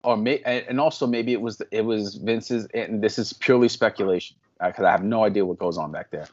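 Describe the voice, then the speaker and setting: A man with a lowish voice rants on a casual podcast, swearing freely and building up to exasperated outbursts. The audio is dull and lo-fi. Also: a little fast. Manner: profane, ranting, animated. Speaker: podcast co-host. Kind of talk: casual wrestling podcast chat.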